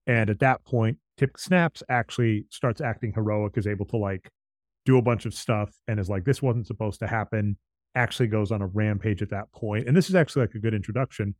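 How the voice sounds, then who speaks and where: A man co-hosting a casual chat about comics, explaining at length and retelling scenes with quick quoted voices. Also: on the low side, a little mellow, dry recording. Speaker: podcast co-host.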